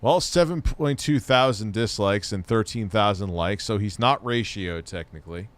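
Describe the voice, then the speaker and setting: Low-voiced, profane male streamer. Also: moderate pace, slight background noise. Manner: profane, rambling and offhand. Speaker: livestream host. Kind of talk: casual livestream chat.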